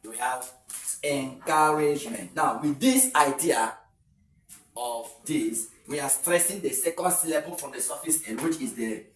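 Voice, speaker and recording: A man's voice: mid-range voice, normal speed, recorded from a distance, soft background music. Male tutor, walks students through stress rules step by step, recorded in an echoey room a bit away from the mic. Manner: explains step by step, counting syllables aloud, frequent fillers and restarts. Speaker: English tutor. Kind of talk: exam-prep lesson.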